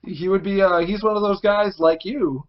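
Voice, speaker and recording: A man's voice: high-pitched, fairly even intonation, normal speed, highs cut off. A man hosting a casual interview, eager and fanboyish about his guest. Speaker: podcast host.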